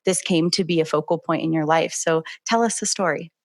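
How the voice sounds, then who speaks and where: A woman hosting a podcast interview, speaking softly and reflectively, often murmuring agreement. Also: deep voice, steady tone, a little fast, no room sound. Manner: soft, reflective, gives frequent murmured agreement. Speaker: podcast host.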